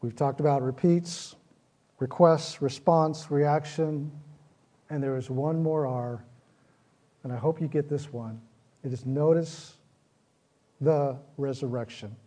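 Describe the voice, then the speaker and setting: A man's voice: a little high, fairly even intonation, takes it slowly, pauses often, mellow. A man preaching a sermon, earnest, with repeated phrases that build in intensity. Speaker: pastor.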